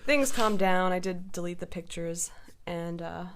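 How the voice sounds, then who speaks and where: A woman in casual podcast chat, telling a story in an animated, profane way and acting out what others said. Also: on the low side, a little slow, a crowd in the background. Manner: animated, profane storytelling with lively quoted voices.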